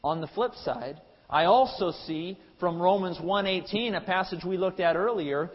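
A male pastor preaching a sermon. His voice builds to loud, emphatic peaks, then drops to quiet asides, with frequent restarts. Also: high voice, normal speed, breathy edge. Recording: long hall reverb, dull lo-fi sound.

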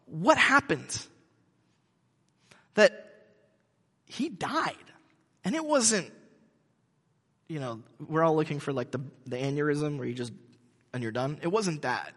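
Man preaching with bright, ringing voice. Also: on the high side, big pitch swings, in a large hall. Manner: conversational, halting with many restarts. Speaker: pastor. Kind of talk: sermon.

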